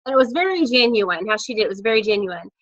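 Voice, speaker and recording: A woman's voice: mid-range voice, quick pace, no echo, dull audio. A woman leading her sales team on a video call, chatty and candid, telling stories as she coaches. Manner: chatty, candid, lively storytelling. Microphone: laptop video call mic.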